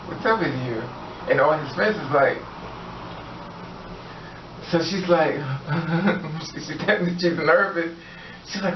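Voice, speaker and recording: Male storyteller, animated, plays every role, a bit high; distant mic in an echoey room, slightly dull. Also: moderate pace, a little hiss or hum. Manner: animated, acts out the voices of the people in his story. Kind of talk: casual storytime.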